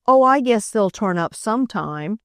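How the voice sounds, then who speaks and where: A woman's voice: medium pitch, expressive, normal speed, a bit bright, no room sound. A hopeful young boy, asking and reassuring in a light voice, as a woman reader puts him on. The sound is close and dry.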